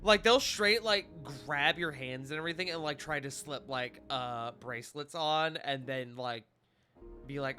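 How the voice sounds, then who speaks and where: A man with a fairly high, bright, sharp voice chats casually as a tabletop game player. He tells stories with animated asides. Faint music sits behind him. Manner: animated storyteller, quick asides. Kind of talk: casual chat.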